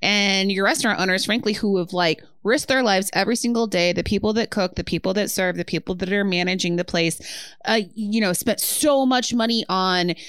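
A woman's voice: medium pitch, brisk, fairly bright tone, clear, resonant tone, no echo. Woman co-host, emphatic and angry, curses a lot, dry sound. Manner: emphatic, indignant, swearing. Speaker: podcast co-host. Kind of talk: casual chat.

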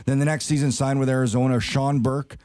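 A middle-aged man, a former player turned hockey analyst, telling animated anecdotes in a sports panel chat. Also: mid-range voice, a little fast.

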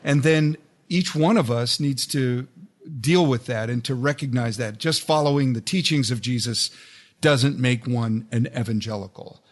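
A man's voice: mid-range voice, moderate pace. A man with an ordinary middle-register voice hosts a conversation. He sums up what his guest has said in a reflective way, then moves on to a follow-up question. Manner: reflective, sums up the guest's points before asking. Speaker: host. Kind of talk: interview conversation.

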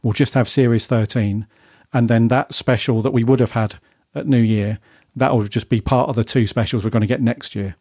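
A man's voice: medium pitch, fairly even intonation, normal speed, warm tone, no room sound, studio quality. A man co-hosting a casual fan podcast, talking at length in a rambling, chatty way and turning to his co-host for his view.

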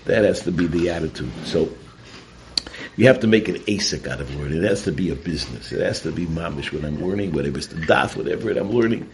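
A man's voice: deep voice, expressive, fast talker, slight background noise, poor audio. A man giving a Torah talk full of stories, mixing in Yiddish and Hebrew terms. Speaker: Torah teacher.

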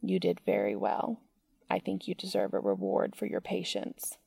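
Woman voicing a soft, commanding young man. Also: fairly low pitch, big pitch swings, normal speed, vocal fry, breathy edge, no echo, exaggerated voice. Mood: low coaxing. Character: dominant young man, tender and teasing.

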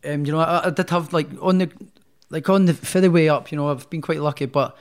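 Speaking fast on the high side with a steady tone, the man is a professional boxer from Scotland appearing as an interview guest. He rambles through his story in a relaxed, self-deprecating way, with lots of fillers and false starts.

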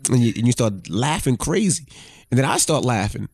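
Man, forties, podcast co-host, casual storytelling, acts out quotes, lively pitch, dry close sound. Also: a little fast, no room sound. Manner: expressive storyteller acting out quotes. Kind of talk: casual chat.

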